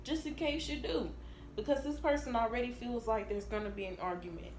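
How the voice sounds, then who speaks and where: A woman giving a casual tarot reading, blunt and profane, talking in an animated way. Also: a little high, a little fast, slight background noise. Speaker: tarot reader. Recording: echoey room with faint ambience.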